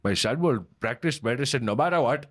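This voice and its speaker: A man's voice: medium pitch, expressive, a little fast, lightly acted. A man putting on a proud, pushy parent who brags about one child and dismisses the other. The voice sits a little back from the mic. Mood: boastful.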